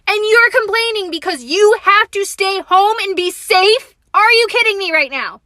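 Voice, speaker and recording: A woman with a very high, bright voice, delivering a blunt rant full of sarcasm. She sounds exasperated throughout. The recording is dry and close, with no room sound. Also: animated, normal speed, no room sound. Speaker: essential worker. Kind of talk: ranting monologue.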